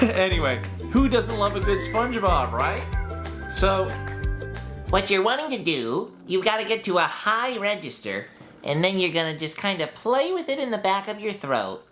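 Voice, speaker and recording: A man teaching a voice acting tutorial in an upbeat, chatty way that breaks into laughs at his own asides. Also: a little high.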